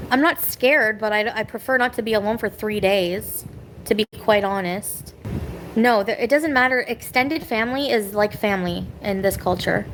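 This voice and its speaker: A woman's voice: mid-range voice, noisy background. A woman venting on a live stream from her home, rambling and bitter, snapping back at people in the chat. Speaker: livestreamer. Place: home kitchen.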